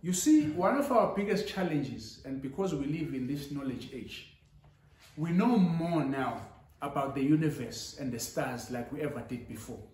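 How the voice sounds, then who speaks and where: A man's voice: fairly high pitch, expressive, normal speed, a little mellow. A man preaching a sermon with rising emphasis, switching into Zulu now and then. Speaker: pastor. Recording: echoey church hall.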